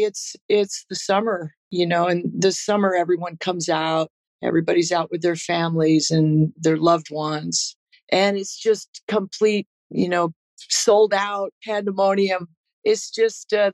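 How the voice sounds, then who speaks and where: A woman's voice: lowish voice, fairly even intonation, measured pace, darkish tone, no echo, poor audio. Laid-back woman guest, laughing easily. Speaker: guest, rock musician. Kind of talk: casual interview chat.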